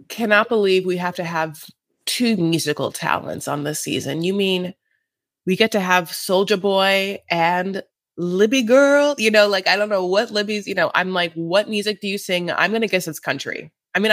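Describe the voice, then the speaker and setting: A man's voice: high-pitched, normal speed, a bit bright, dry recording, clean studio sound. A man co-hosting a podcast, recapping reality TV in a campy, sassy, gossipy way. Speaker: podcast co-host. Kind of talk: casual reality TV recap chat.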